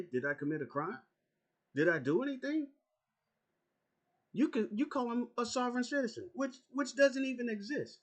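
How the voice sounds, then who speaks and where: A man with a fairly high voice rants straight at the camera, combative and profane. He hammers the same points again and again. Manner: profane, confrontational, repeats himself. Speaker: YouTuber. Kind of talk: angry political rant to camera.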